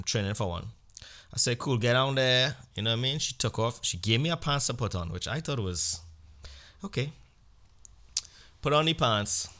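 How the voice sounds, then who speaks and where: Man, podcast host, crude comic storyteller, bright voice, animated. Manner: animated storyteller, acts out exchanges with sudden jumps in pitch and volume; blunt and crude.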